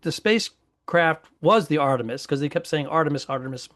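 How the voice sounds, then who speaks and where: A man's voice: fairly high pitch, lively intonation, fairly quick, fairly bright tone, no echo, studio quality. A male comedian co-hosting a podcast, wry and teasing, throwing in puns during casual chat.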